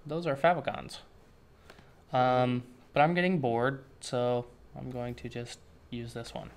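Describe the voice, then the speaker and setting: A man's voice: medium pitch, steady tone, measured pace, a little hiss or hum. A man giving a casual screen-share web tutorial, thinking aloud with offhand, dry sarcastic asides. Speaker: web developer teaching a tutorial.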